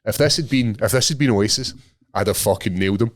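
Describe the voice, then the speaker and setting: Man, scottish accent, podcast co-host, animated sweary storytelling, fairly low pitch, dry sound. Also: quick pace, no echo. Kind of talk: casual storytelling chat.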